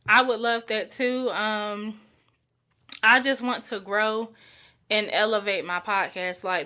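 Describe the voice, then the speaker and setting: A young adult host from North Carolina speaks by herself on her podcast, warm and talkative, dropping many likes and ums along the way. Her voice sits at medium pitch, bright, with a forceful tone.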